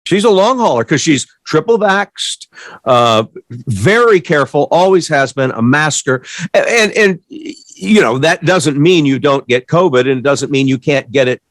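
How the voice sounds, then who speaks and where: Male co-host, quick wry comebacks, fairly high animated pitch, dry close mic. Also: no echo. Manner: wry quips, earnest explaining. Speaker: podcast co-host. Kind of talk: casual chat.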